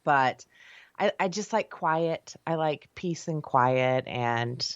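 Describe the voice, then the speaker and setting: A chatty Midwestern woman guest with a fairly low voice, laughing often and restarting her sentences. Her voice comes through dull and lo-fi, and it sounds dry with no room around it. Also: lively intonation, takes it slowly, smooth, dry recording. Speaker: guest, paranormal investigator and author. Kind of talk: casual interview chat. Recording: dull lo-fi remote audio.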